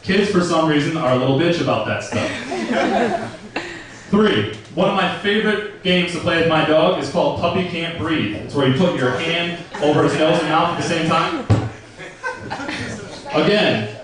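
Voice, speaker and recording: A man's voice: a little high, animated, measured pace, far from the mic, crowd noise. A young man doing a stand-up comedy set in a club, telling stories in a crude, profane, casual way. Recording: roomy club recording from afar.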